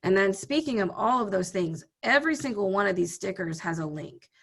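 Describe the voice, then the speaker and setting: A woman teacher explaining a brainstorming worksheet and mini lessons to students in a steady, guiding way. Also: mid-range voice, brisk, gravelly. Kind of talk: recorded online lesson.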